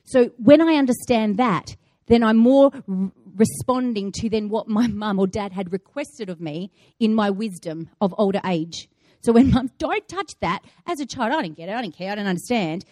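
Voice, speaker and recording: A woman's voice: mid-range voice, normal speed, warm tone, no echo, clean studio sound. A woman giving a conversational sermon, chatty and playful, telling stories with acted-out asides. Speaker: preacher.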